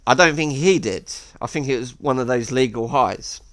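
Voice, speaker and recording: A man's voice: mid-range voice, moderate pace, fairly bright tone, no echo. A man telling a rambling anecdote with wry asides. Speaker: storyteller. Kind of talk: casual anecdote.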